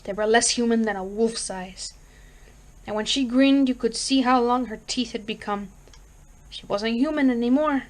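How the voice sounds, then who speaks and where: A woman's voice: a little high, moderate pace. Woman reading a horror story aloud. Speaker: reader.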